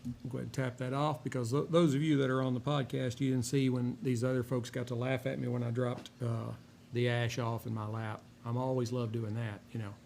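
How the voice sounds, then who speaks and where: Gravelly man chatting casually. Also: medium pitch, a little fast. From Texas. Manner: rambling, relaxed, many "uh" fillers. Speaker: host of a cigar and whiskey review show. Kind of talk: casual chat while smoking a cigar. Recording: faint background noise.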